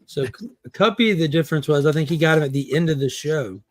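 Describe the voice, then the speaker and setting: A man in casual livestream chat, telling a haggling story and acting out the quotes in an animated way. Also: on the high side, fast talker, no room sound, clean studio sound. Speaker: comic collector guest.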